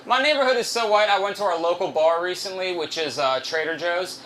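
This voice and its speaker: Give me a man doing stand-up, self-mocking and profane, a little high and bright. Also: a little fast, a little hiss or hum, low-quality recording. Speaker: stand-up comedian. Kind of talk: stand-up comedy set. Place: live comedy venue.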